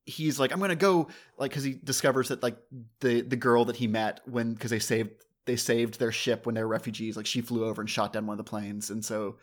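A man's voice: mid-range voice, little pitch movement, brisk. A man co-hosting a casual chat, rambling through a review with lots of fillers and self-mocking asides. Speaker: podcast co-host reviewing anime.

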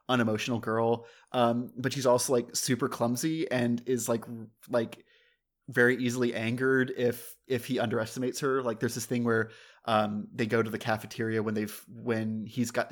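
A man co-hosting a casual chat, rambling through a review with lots of fillers and self-mocking asides. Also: medium pitch. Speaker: podcast co-host reviewing anime.

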